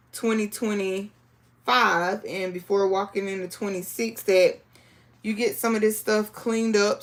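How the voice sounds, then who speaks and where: Slow-talking woman, chatty craft vlogger. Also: medium pitch. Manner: chatty, talks to viewers as y'all, reads chat aloud. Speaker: crafting livestream host. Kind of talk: casual live sewing chat.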